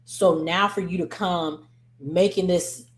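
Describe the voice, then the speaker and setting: A woman's voice: fairly low pitch, fairly even intonation, slow pace. A woman casually recapping a reality TV episode, chatty and opinionated, with slangy asides and lots of ums and self-corrections.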